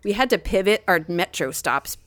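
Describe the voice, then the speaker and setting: A woman's voice: medium pitch, lively intonation, normal speed, a bit bright, dry recording. A woman from Maine, co-hosting a podcast, telling a story in casual chat and acting out the quoted lines. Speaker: podcast co-host.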